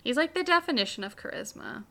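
Woman co-host, high voice, very bright tone, upbeat casual talk, lots of "like". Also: expressive, fast. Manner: upbeat, says "like" a lot. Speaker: podcast co-host. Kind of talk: casual chat.

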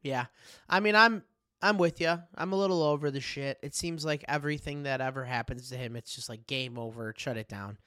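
A man's voice: mid-range voice, a little fast, pushed and bright, clear, resonant tone, dry recording, clean studio sound. A young man co-hosting a podcast, talking sports casually, laughing often and swearing freely. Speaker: podcast co-host.

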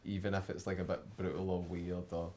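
A man's voice: low voice, little pitch movement, fairly quick, a little mellow. A young man, a band member chatting casually and laughing as he tells stories in an interview. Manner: laughing, chatty, acts out quotes.

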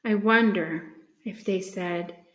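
A woman giving an unhurried, earnest devotional talk with many pauses and ums, reading scripture aloud. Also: mid-range voice, a bit bright. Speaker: speaker sharing a faith reflection. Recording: echoey room.

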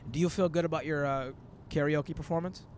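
A comedian in his twenties hosts a casual road-trip chat from a moving car, spinning rambling stories packed with quoted asides. His fairly high voice holds a steady tone, running a little fast and a little mellow, with slight hiss or hum.

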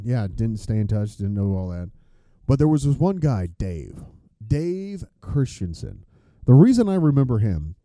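Male host, dark voice, swings up and down a lot, swears, wanders off topic; dry close sound. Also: medium pitch, no echo. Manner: rambling, profane, loses his train of thought. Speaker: podcast host. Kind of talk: casual chat.

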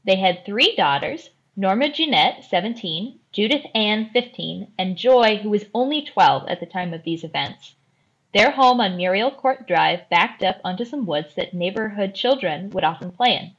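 A woman hosting a podcast and telling a true crime story in a careful, measured way. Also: medium pitch, expressive, highs cut off. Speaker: host.

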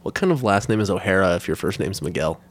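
A man's voice: sits low, expressive, fast talker. A young man co-hosting a casual chat, swearing freely and laughing often as he banters. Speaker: podcast co-host.

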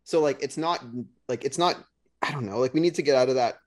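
A man's voice: mid-range voice, fairly quick. A young man co-hosting a podcast, laid-back and rambling, with lots of fillers. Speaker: podcast co-host. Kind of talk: casual podcast chat.

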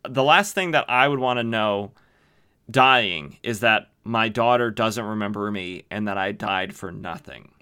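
Chatty man recapping comics, bright tone. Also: on the low side, unhurried, clear, resonant tone. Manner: enthusiastic, chatty, many fillers. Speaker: podcast host. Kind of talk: casual comic book recap.

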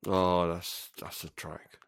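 A man's voice: low voice, little pitch movement, slow pace, gravelly, smooth, no echo, studio quality. A man co-hosting a podcast in casual chat, joking and laughing often. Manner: jokey, laughing, throws in playful bits. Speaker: podcast co-host.

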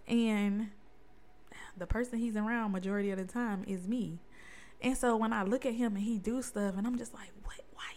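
A woman hosting her own podcast, speaking in in a chatty, motivational monologue, laughing often and sometimes dropping to a near-whisper. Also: a little high. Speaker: podcast host.

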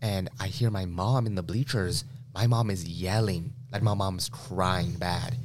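A young man with a very low voice tells a long story in a loose, slangy way, filling his sentences with "like". The recording carries clear room noise underneath him. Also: steady tone, measured pace. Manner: loose and slangy, heavy use of "like". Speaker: podcast co-host telling a story. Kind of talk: casual storytelling chat.

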